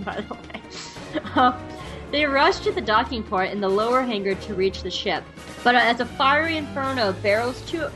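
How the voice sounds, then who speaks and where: A young woman co-hosting a podcast, recapping an episode in a quick, excited way and laughing often. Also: on the high side. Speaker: podcast co-host. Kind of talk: casual chat and episode recap.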